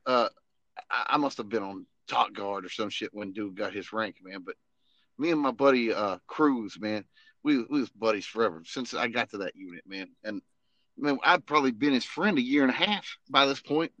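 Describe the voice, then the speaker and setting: Bright-voiced, profane man telling war stories. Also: on the low side, moderate pace, no echo, highs cut off. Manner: profane, animated, repeats "you know what I mean". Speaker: podcast host and Army veteran. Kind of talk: casual storytelling chat.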